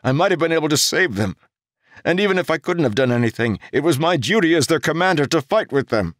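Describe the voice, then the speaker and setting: A man's voice: lively intonation, a little slow, gravelly, fairly bright tone, no room sound, studio quality, exaggerated voice. A man voicing a young male commander, grief-stricken and guilt-ridden, whose speech rises into anguished cries. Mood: angry. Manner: anguished, rising to high cries.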